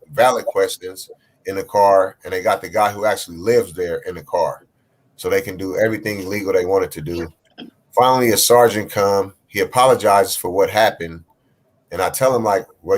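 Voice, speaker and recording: Low-voiced man telling a story. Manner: plain storytelling with many fillers. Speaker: panel guest. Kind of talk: casual discussion, personal story.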